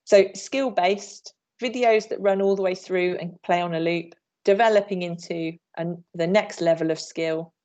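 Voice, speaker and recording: A woman's voice: on the low side, fairly even intonation, normal speed, few pauses, a little mellow, lo-fi sound. A woman from England presenting an online training session for teachers, upbeat, showing moves as she talks. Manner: upbeat, demonstrates moves while talking. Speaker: PE trainer leading a teacher workshop. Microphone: video call.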